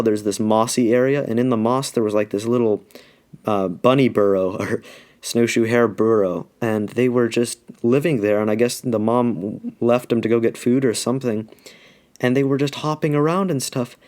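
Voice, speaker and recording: A man's voice: mid-range voice, darkish tone. A man from Alaska telling a childhood story in a casual, rambling, slangy way, full of "like". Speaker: YouTuber telling a life story.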